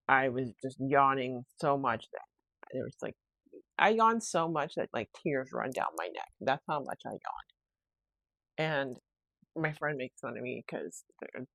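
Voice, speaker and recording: A young woman with a low-sitting voice hosts a solo podcast, rambling in a chatty, self-reflective way. There is no room sound.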